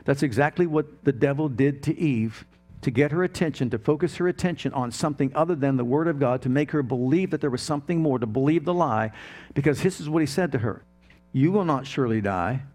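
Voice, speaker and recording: A man's voice: on the high side, quick pace, darkish tone. A middle-aged male pastor preaching a sermon emphatically, firing off rhetorical questions to the congregation.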